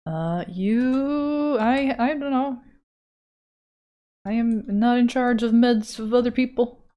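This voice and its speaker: A woman's voice: a little high, takes it slowly, mellow. A woman art streamer chatting casually with her chat, loose and profane as she answers messages.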